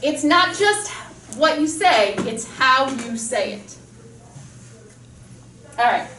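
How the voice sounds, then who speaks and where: A woman speech teacher lecturing a class, enthusiastic and quick with examples, speaking through a mask. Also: high voice, expressive, pushed and bright, slight background noise. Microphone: masked, recorded from across a classroom. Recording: echoey classroom from far off.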